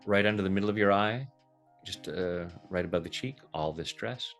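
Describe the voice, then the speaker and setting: A low-pitched man teaches a simple tapping routine in an easygoing, humorous way. He drops into playful quoted voices now and then. Faint music sits behind him. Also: fairly quick. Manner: relaxed, jokey, acts out little quoted voices. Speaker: tapping practitioner, guest. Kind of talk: casual teaching over video call.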